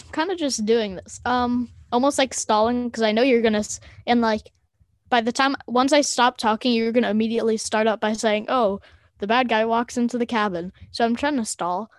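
A woman's voice: fairly high pitch, normal speed, no echo, studio quality. A woman playing a tabletop game, chatty and playful, cracking jokes as she plays. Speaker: player.

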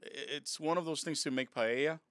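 A man's voice: fairly high pitch, a little fast, a bit bright, no echo, studio quality. A middle-aged man talking casually as a podcast guest, joking and telling stories expressively. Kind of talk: casual chat.

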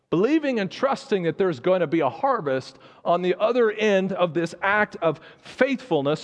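Pastor guy preaching, earnest, trips over words and repeats them, church echo trailing. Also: high-pitched. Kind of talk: sermon. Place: church sanctuary.

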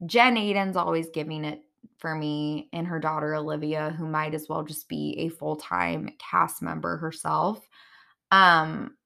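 A woman with a low voice that has a gravelly vocal-fry edge and a bright, forceful tone. She talks through her podcast in a casual, opinionated way, chatty and candid, and drops in plenty of fillers. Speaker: podcast host recapping reality TV.

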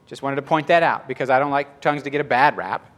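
A man giving a casual, story-filled sermon, chatty and animated, often laughing and acting out what people said. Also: mid-range voice, fast talker. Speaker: pastor.

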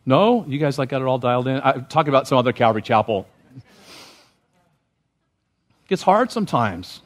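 A man's voice: mid-range voice, sing-song, fairly quick. A man preaching a sermon as pastor, in a casual, conversational way, often asking the congregation questions. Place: church sanctuary.

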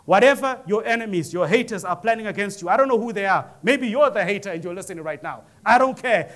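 A male pastor preaching a sermon, telling a story with lively acted-out quotes and rising calls to the congregation. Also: high-pitched, fast. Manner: animated storytelling preacher, acts out voices in quotes. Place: church.

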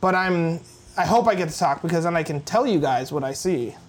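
Man, high-pitched voice, excited, rambling, casual podcast talk. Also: brisk. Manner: excited, rambling with fillers and restarts. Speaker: podcast co-host. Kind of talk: casual chat.

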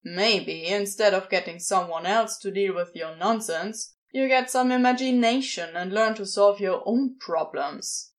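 A woman's voice: mid-range voice, unhurried, hardly any pauses, close to an everyday voice. A woman voicing an irritated, sarcastic male demon who scolds and mocks. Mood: scornful. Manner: exasperated, scolding.

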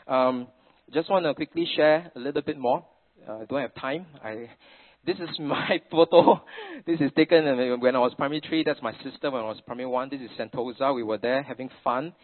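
A middle-aged man with a Singaporean English accent gives a sermon at a middle pitch, full of chatty family stories and Singlish particles. The sound is thin and tinny, as if it came down a phone line. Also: a little fast. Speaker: preacher.

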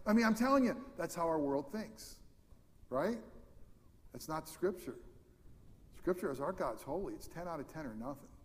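A male pastor preaching a sermon, swinging between loud emphatic peaks and hushed, almost whispered lines. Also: a little high, expressive, normal speed, pauses often, long reverb tail.

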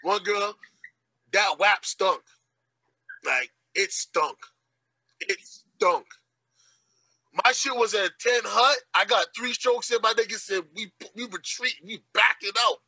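A man hosting a casual podcast, telling crude stories in an animated, profane way with loud outbursts. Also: high-pitched, takes it slowly, long pauses, no room sound, poor audio. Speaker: podcast host. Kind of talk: casual, crude comedic chat.

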